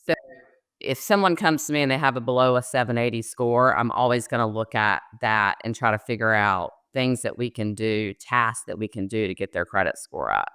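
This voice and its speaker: A woman's voice: a bass voice, a little fast, fairly bright tone, clean tone, no echo, studio quality. A middle-aged woman, a mortgage loan officer, explaining credit scores in a casual podcast interview with frequent fillers.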